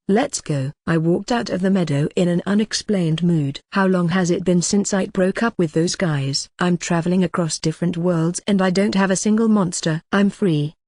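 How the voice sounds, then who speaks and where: A woman's voice reading a fantasy light novel aloud in a flat, machine-like narration. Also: fairly low pitch, no room sound, studio quality. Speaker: audiobook narrator.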